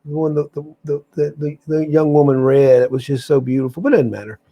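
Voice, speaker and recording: A man's voice: on the high side, steady tone, fairly quick, lo-fi sound. A man hosting a spiritual livestream, chatting casually and enthusiastically to viewers, rambling and often restarting his sentences. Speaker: livestream host.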